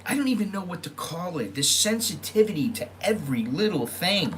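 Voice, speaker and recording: A man's voice: high-pitched, sing-song, a little fast, hardly any pauses, fairly bright tone, slight background noise. A middle-aged man from the United States telling stories in a rambling casual monologue, often correcting himself and acting out what people said. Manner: rambling, with self-corrections and acted-out quotes. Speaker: vlogger.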